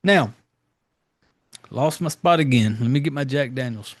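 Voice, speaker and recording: A man's voice: mid-range voice, a little slow. A man hosting a podcast, recapping a horror film in a rambling, profane, loose way with lots of fillers. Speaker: podcast host. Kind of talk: casual movie recap.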